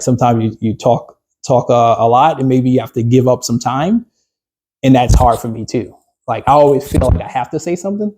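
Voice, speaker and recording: A business coach talking a small group through a workshop, loose and conversational with plenty of fillers and restarts. His voice is husky and dark, sitting at a middle pitch, and he keeps turning questions back to the room.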